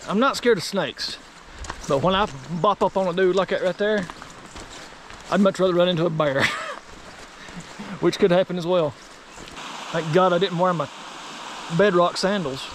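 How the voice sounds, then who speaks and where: A young man, vlogging casually and excitably while fly fishing by a mountain creek. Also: high-pitched, noisy background. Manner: excitable, folksy exclamations. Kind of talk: casual outdoor vlog narration.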